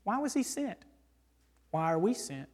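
A male pastor preaching a sermon and reading scripture aloud, emphatic, swinging from loud declarations to hushed asides. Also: high-pitched, big pitch swings, measured pace, husky. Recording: long hall reverb.

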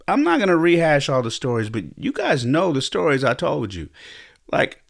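A man's voice: a little high, wildly swooping pitch, moderate pace, gravelly. A man hosting a podcast, telling a personal story in a reflective, earnest way, often stopping and restarting his sentences. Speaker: podcast host.

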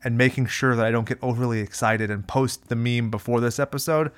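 A man's voice: medium pitch, fairly quick, clear, resonant tone, no room sound. Joking man with mid-range voice, casual podcast. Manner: crude, joking, excitable. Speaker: podcast co-host. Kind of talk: casual chat recapping a movie.

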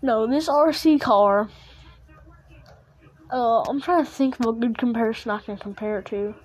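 A woman's voice: on the high side, normal speed. A woman telling a casual story in a rambling, profane way, full of restarts and fillers.

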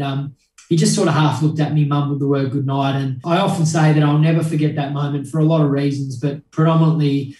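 A young man talks with quiet earnestness, pausing often on ums as he reflects. His voice sits a touch high but mellow and even in pitch. It sounds roomy and echoey, as if he is some distance from the mic. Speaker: guest, mental health charity founder. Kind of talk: conversational interview.

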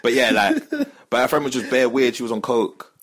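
A young man tells stories on a podcast in loose, slangy chat. His voice is a little husky and his pitch swings up and down. He laughs often as he talks. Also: brisk. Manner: slangy, animated, laughs while telling stories. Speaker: podcast host. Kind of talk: casual storytelling chat.

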